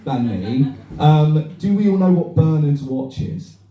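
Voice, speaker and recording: Foul-mouthed stand-up in echoey bar. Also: male voice, on the high side, measured pace. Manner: crude, rambling, animated, swears a lot. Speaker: stand-up comedian. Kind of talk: live stand-up set. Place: cafe bar venue, live audience. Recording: echoey room, mic heard from far.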